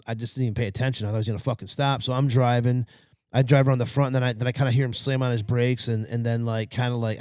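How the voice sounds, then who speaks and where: Fast-talking, cursing podcast storyteller man. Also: medium pitch, no echo, studio quality. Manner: profane, animated storyteller acting out quotes. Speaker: podcast co-host. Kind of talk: casual storytelling chat.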